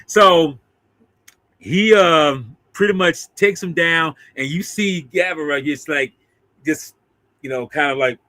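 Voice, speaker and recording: A man's voice: a little high, takes it slowly, pushed and bright, no echo. A man casually recapping an old monster film, laughing often and acting out the characters in mock voices. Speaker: co-host of a film discussion video. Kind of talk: casual movie recap chat.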